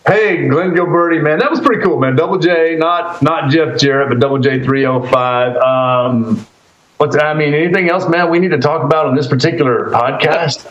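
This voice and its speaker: A laid-back man co-hosting a podcast, his voice sitting a touch high for a man. The recording is echoey and dull, with a lo-fi, muffled top end. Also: normal speed, a bit bright. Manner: laid-back, peppers talk with "man" and "dude". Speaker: podcast co-host. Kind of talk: casual chat.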